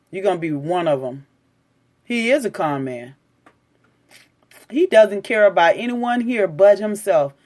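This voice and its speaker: A woman doing live-stream commentary, reacting to the news and arguing back at her viewers' comments in an indignant, lecturing way. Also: lowish voice.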